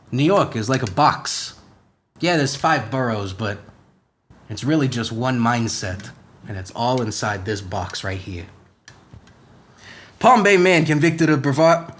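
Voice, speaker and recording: A brash, swearing young superhero rambles through a comedy podcast rant, as a man puts him on. The voice sits a touch high and leaps around with lively swings, firing one rhetorical question after another in a shaky put-on accent that keeps drifting. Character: brash profane young male superhero, ranting.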